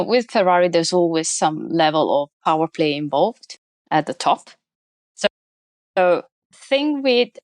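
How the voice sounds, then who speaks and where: Lower-pitched animated woman guest. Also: no room sound. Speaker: guest, motorsport columnist. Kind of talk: casual conversational interview.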